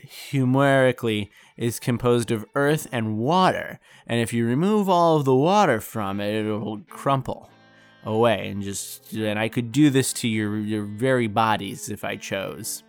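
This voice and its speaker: A man's voice: medium pitch, close to an everyday voice. A man voicing a nervous, rambling young male scholar-magician in a storybook reading, with a slightly raised, stammering voice.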